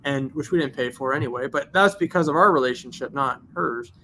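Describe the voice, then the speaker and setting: Bright-voiced, animated man telling a story. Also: medium pitch, brisk, a little hiss or hum. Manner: animated, acts out both sides of conversations. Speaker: guest, detailing shop owner. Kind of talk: casual podcast storytelling.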